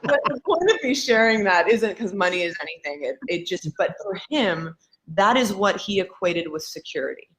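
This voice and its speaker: A woman's voice: medium pitch, lively intonation, moderate pace, fairly bright tone, poor audio. A woman in her thirties speaking on a panel, reflective and earnest, building her points through repetition. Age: 30s. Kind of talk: casual panel discussion.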